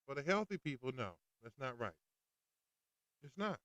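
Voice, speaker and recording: Man podcast host, casual exasperated rant, smooth clear voice, dry close sound, outdoors. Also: mid-range voice, moderate pace, no room sound. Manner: animated, exasperated, keeps saying "man". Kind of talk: casual ranting monologue.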